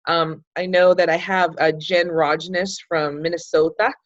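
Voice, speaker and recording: A woman's voice: fairly low pitch, steady tone, a little slow, dry recording, highs cut off. A middle-aged woman leading a group video call, chatty and enthusiastic, with plenty of fillers. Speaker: group leader hosting a book club call. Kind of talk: casual group talk.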